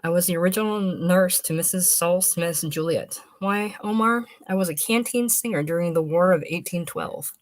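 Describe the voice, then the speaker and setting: A woman's voice: fairly low pitch, moderate pace, few pauses, dry recording, close to an everyday voice. A woman reading aloud, voicing a flippant young woman who teases and drawls. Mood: playful. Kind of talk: audiobook reading.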